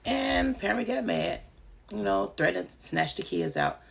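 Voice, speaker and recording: Emphatic woman with a gravelly voice. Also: fairly low pitch, expressive, a little slow, slight background noise. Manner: emphatic, repeats her points. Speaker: home daycare owner. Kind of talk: casual advice vlog.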